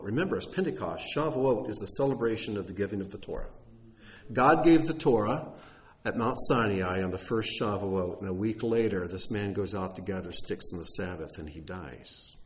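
A middle-aged man delivers a sermon in an earnest teaching tone. His voice sits at an ordinary male pitch and climbs on the points he stresses. He often restarts a phrase before pressing on. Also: poor audio. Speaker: preacher.

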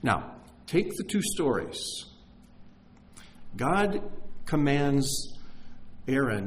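A man preaching a sermon, telling stories with energy and dropping to a hush for emphasis. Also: medium pitch, very slow, long pauses, rough recording. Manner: animated storyteller, drops to a hush for emphasis.

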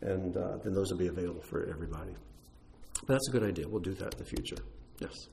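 A man's voice: deep voice, fast, vocal fry, darkish tone, slight background noise. A man leading his congregation, a pastor answering questions in a casual, explanatory way with frequent restarts. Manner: conversational, explanatory, uses fillers and restarts.

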